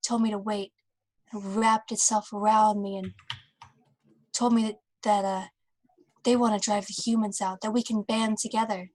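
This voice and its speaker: A woman's voice: medium pitch, level tone, moderate pace, long pauses, a little mellow. A woman playing in a tabletop game, speaking hesitantly with stammers. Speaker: player. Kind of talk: tabletop role-play.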